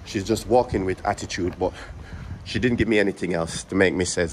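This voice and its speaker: Strolling outdoors through the city, a Birmingham-accented vlogger talks casually to camera in a low, brisk voice, with slight background noise. He jokes around, gets breathless, and says things more than once.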